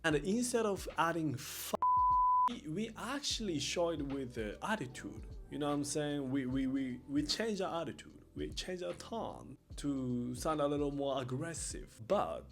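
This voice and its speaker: A man's voice: a little high, lively intonation, unhurried. A man teaching casual Japanese phrases to camera, speaking in laid-back hood slang. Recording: faint lo-fi music behind voice. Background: faint lofi music.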